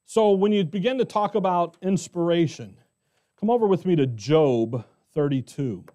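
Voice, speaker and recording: A middle-aged American pastor gives expository Bible teaching verse by verse, keeping it conversational and often asking the congregation questions. His male voice is high, animated and warm, at a normal speed.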